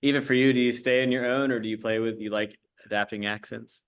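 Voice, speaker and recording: A man hosting a livestream interview with cast members, talking haltingly with many fillers and restarts. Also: medium pitch, steady tone, smooth.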